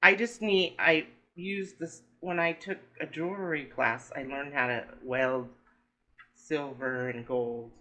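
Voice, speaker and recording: A woman's voice: low voice, fairly even intonation, slow, pushed and bright. A woman co-hosting a podcast in casual chat, playful, with short replies and easy laughs. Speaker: podcast co-host.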